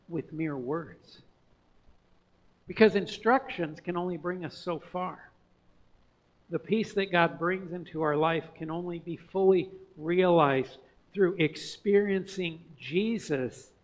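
Man, pastor, high voice, sermon, casual preaching, emphatic swells, hushed drops, dull lo-fi sound.

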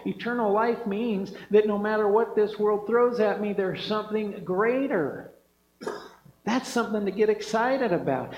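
High-voiced, excited male preacher. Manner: enthusiastic, emphatic, repeats "man" and "right?". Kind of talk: sermon. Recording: echoey hall, dull sound.

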